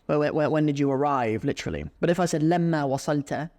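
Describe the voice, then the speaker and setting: A man teaching Arabic on a podcast, reading lines aloud and explaining them in a relaxed, chatty way. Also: a little high, very fast. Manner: reads Arabic aloud then explains in English; chatty, with fillers and restarts. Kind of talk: podcast language lesson.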